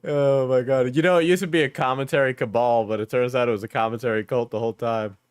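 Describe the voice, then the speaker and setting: A man's voice: medium pitch, steady tone, fast, clear, resonant tone, no echo. Laughing Australian man, dry sound. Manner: laughing, joking asides. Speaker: commentary streamer. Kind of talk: reaction commentary.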